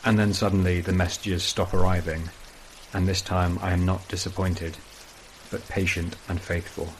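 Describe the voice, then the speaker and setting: A man reading a first-person horror story as scripted narration, in a measured, brooding way. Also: low voice, little pitch movement, slight background noise, low-quality recording.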